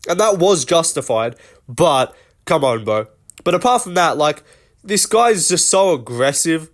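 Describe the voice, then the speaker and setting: Male host, casual commentary vlog; rambling, profane delivery, slightly raised pitch. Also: animated, unhurried. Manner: rambling and profane, many fillers.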